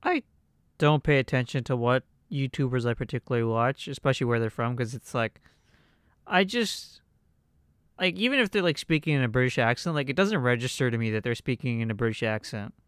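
A man's voice: medium pitch, animated, a little fast, a bit bright, smooth, dry recording, studio quality. Young male podcast co-host, resonant clean voice, rambling, casual swearing. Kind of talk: casual chat.

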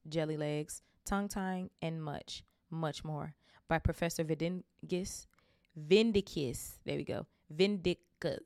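A woman with a low, gravelly voice reads a novel aloud for her book club podcast. She breaks off into chatty asides and stumbles over hard names before correcting herself. Her voice sounds dry and close to the mic. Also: no echo.

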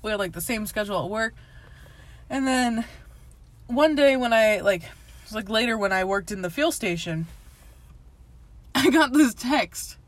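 A woman's voice: fairly high pitch, expressive, unhurried, pauses often, dry recording. A young woman casually telling a personal story, rambling with lots of filler words, laughing often and swearing. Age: young adult. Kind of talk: casual chat.

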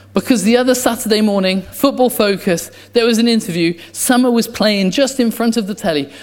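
High-voiced preacher, passionate. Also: male voice. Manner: passionate, repeats phrases, drops to quiet intensity. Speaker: pastor. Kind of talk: sermon. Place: church. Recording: echoey church hall, soft guitar behind.

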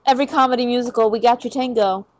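A woman's voice: on the high side, very fast, crowd noise. A woman co-hosting a podcast, chatting casually in a playful, teasing way. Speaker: podcast co-host. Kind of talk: casual chat.

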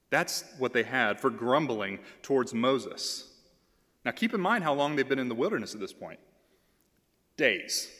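A man's voice: mid-range voice, big pitch swings, a little slow, long pauses, bright, forceful tone. A man serving as a pastoral intern, preaching a sermon in an earnest way, reading scripture aloud and repeating phrases for emphasis. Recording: long hall reverb.

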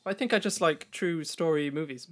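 A man's voice: a little high, normal speed, fairly bright tone. A man with a Geordie accent co-hosting a casual podcast, laid-back and easily amused. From Newcastle, England. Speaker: podcast co-host. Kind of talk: casual chat.

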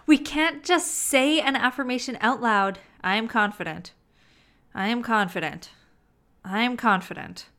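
A woman teaching self-help in a slow, deliberate way, with playful asides. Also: on the high side, bright, forceful tone, clear, resonant tone. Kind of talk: motivational teaching monologue.

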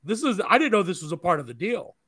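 A man with a slightly higher voice rambles through an anecdote, swearing freely and padding it with "like" and "uh." The sound is dry and close, with no room around it. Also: big pitch swings, fast talker, fairly bright tone, no room sound. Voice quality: profane, rambling storyteller. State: married. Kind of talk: casual storytelling chat.

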